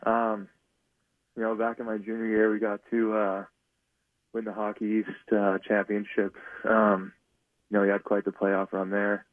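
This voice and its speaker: A man's voice: lowish voice, completely flat delivery, measured pace, no echo. A man, a hockey player, answering a radio interview by phone in a hesitant way with many fillers. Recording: phone-line call into a studio.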